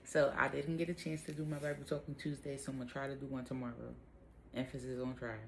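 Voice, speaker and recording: Woman with a gravelly, creaky voice. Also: rumbling low, fast, slight background noise, low-quality recording. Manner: relaxed, rambling, heavy use of fillers like "um" and "like". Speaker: Bible talk host. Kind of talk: casual devotional talk.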